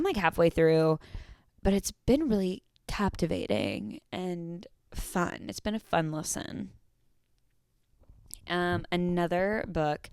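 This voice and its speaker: A woman's voice: on the low side, clear, resonant tone, no room sound, studio quality. A young woman hosting a solo podcast, chatting casually with lots of fillers and swearing freely. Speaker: podcast host.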